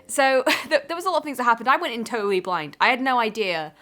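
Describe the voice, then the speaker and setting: A young woman co-hosting a casual chat, telling stories in an animated way and acting out her own shouts. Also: fairly high pitch, fast. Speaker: co-host.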